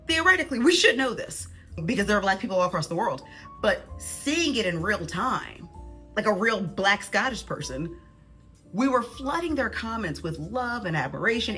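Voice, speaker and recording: Bright, sarcastic American woman commentator. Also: medium pitch. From United States. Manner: animated, sarcastic. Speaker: social media commentator. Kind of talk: casual commentary.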